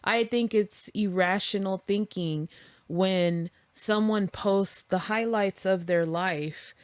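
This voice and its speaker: A woman's voice: mid-range voice, takes it slowly, no room sound. Chatty woman podcast co-host, dry close sound. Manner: chatty, candid, laughs easily, swears casually. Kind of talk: casual chat.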